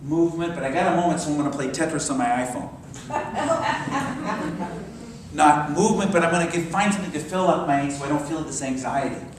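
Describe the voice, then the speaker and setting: A man's voice: fairly high pitch, fast talker, few pauses, a little hiss or hum. Older man preaching in an echoey hall. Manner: storytelling, dropping to soft meditative tones. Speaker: minister. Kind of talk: sermon. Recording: very echoey hall, mic far off.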